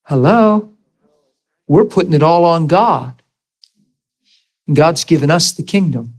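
A man preaching a sermon, asking the congregation rapid questions and dropping to soft, low storytelling. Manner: animated, rising to high emphatic questions to the crowd.

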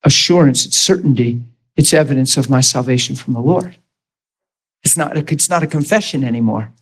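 A man's voice: medium pitch, brisk, husky. A man preaching an informal sermon to a Bible school class, earnest and emphatic, laughing often and asking the room questions. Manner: laughs often, jokes with the class, acts out quoted voices.

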